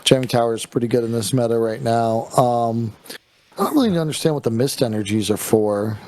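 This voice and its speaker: Laid-back joking podcast co-host. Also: male voice, mid-range voice, fairly quick, a little mellow, dry recording, low-quality recording. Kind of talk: casual chat.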